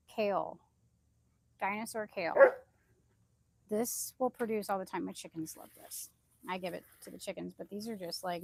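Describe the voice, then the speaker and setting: A woman's voice: vocal fry, no room sound. Casual woman vlogger, outdoors on a phone mic, loose and chatty, dry sound. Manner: chatty, rambling, calls out high to her chickens. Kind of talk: casual live-stream chat. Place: outdoor backyard garden. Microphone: phone held in hand.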